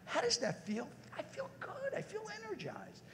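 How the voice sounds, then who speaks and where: A man, a motivational speaker, giving an animated conference keynote and putting questions straight to his audience. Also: very high-pitched, moderate pace, big-room sound.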